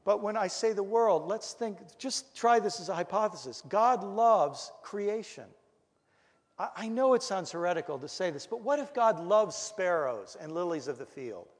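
A middle-aged man, a pastor, giving a lecture full of comic stories, animated and full of restarts. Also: high-pitched, normal speed. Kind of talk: humorous storytelling lecture. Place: lecture hall. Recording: reverberant hall.

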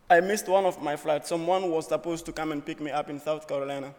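A man's voice: fairly high pitch, steady tone, quick pace, hardly any pauses. Young man telling a story in a reverberant hall. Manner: earnest, humorous storytelling in short phrases. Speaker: student speaker. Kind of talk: personal story speech. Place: auditorium.

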